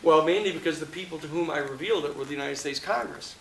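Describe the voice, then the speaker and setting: A man's voice: on the high side, fast, vocal fry, a bit bright. A man, a public interest lawyer, telling stories at length at a book talk with audience questions, rambling with many restarts and fillers. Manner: rambling storyteller, many restarts and "you know". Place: hall with live audience. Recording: echoey hall, faint hiss.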